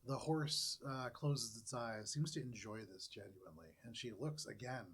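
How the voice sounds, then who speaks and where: A man narrating a tabletop game as game master, describing scenes in a relaxed, vivid way. His voice sits at a middling pitch. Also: moderate pace, few pauses, husky. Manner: descriptive, relaxed, laughs often.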